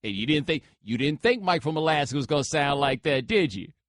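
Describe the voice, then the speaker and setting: A man hosting sports talk radio at a studio microphone, his voice sitting a touch high for a man. He banters loosely with callers and drops slangy asides. The sound is dry and close. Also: expressive, fairly quick, a bit bright, dry recording. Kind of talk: casual talk radio, taking calls.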